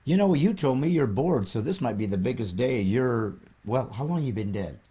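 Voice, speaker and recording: A man hosts a comedy podcast interview with playful, mock-serious questions. His voice sits at a middle pitch but swings in lively, animated jumps as he builds a joke. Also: moderate pace, husky.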